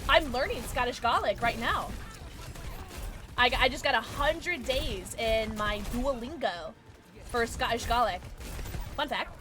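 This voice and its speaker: A woman's voice: on the high side, a little slow, pauses often, over music. A young woman streaming a game, chatting casually and giggling often as she reacts to play. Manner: giggly, excitable, talks to herself while playing. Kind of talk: casual gameplay chat.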